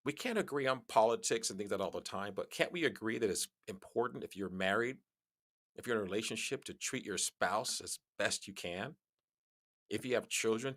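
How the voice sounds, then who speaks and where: A man guest on a podcast, telling stories in casual conversation, animated and laughing as he talks, often restarting his sentences. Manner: animated storyteller, jumps high in pitch on quoted lines; frequent restarts and laughs while talking.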